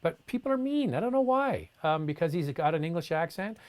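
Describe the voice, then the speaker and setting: A man's voice: on the high side, very animated, brisk, darkish tone. Chatty man hosting a live Q&A. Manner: casual, chatty, reads comments aloud with many fillers. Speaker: host answering viewer questions. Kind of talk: live Q&A chat.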